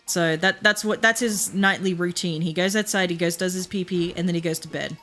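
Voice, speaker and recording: A woman's voice: lowish voice, steady tone, fairly quick, fairly bright tone, soft background music. An Australian woman streaming a game and chatting casually, swearing freely and laughing through her stories. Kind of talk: casual chat while gaming.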